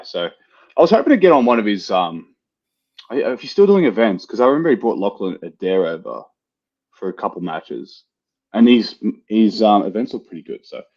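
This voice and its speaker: A laid-back Australian man talks in a lowish voice as a podcast guest, easygoing and swearing freely. His sound comes through dull and lo-fi, lacking its top end. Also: very animated, fairly quick, darkish tone, slightly rough. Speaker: guest arm wrestler. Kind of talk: casual chat.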